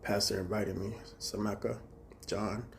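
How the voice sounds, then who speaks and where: A man in his forties on a live stream, telling rambling, profane stories with reenacted quarrels and sometimes trailing off into low mutters. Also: fairly even intonation, unhurried, vocal fry. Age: 40s. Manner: profane, agitated storytelling with reenacted dialogue. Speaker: livestreamer.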